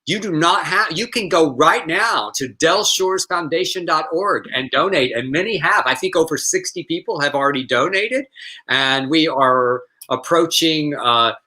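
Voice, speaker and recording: A man's voice: on the high side, normal speed, pushed and bright, rough recording. A man, co-hosting a casual live-streamed talk show, chatty and prone to restarting his sentences.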